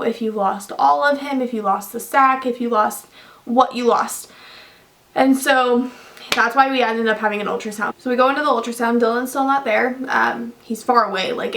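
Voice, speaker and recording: A woman's voice: a little high, gravelly, a bit bright. A young woman vlogging casually, telling a long personal story with many fillers and restarts. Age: young adult. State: tearful at times.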